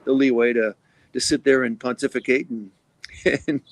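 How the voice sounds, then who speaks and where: A man's voice: medium pitch, steady tone, moderate pace, no room sound. A man co-hosting a sports talk show, easygoing and chatty, adding short affirmations and background to his partner's stories. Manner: brief affirmations, easygoing, laughs along. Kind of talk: casual chat.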